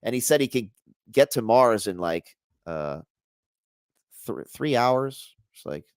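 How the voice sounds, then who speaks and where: Lively, joking man talking shop. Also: medium pitch, slow, no room sound, clean studio sound. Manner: animated and jokey, trails off and restarts. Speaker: guest researcher. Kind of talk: casual interview chat.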